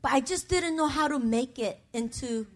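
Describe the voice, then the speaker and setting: With a high voice and a moderate pace, a middle-aged woman pastor shares an emotional, personal sermon. She talks to the congregation conversationally, confesses openly, uses call-and-response, and adds asides.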